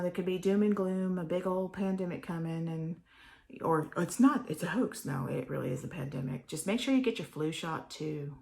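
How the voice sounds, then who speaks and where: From a home office, an older woman from Texas rambles casually to her vlog viewers, occasionally sinking into a whisper. She has a lowish, gravelly voice.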